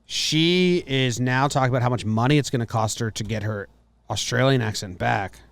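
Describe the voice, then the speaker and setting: A man hosts a casual podcast and talks over a news story with skeptical jokes. His voice is smooth and clear, recorded close with no room sound. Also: mid-range voice, moderate pace, no room sound. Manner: skeptical, joking. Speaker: podcast host.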